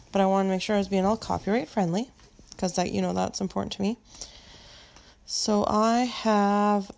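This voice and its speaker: A woman hosting her daily podcast from home, chatty and self-deprecating, with a gravelly edge to her voice. She talks casually, then reads a book aloud with small stumbles. She is not using her usual microphone. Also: medium pitch, a little mellow. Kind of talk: casual chat and reading aloud.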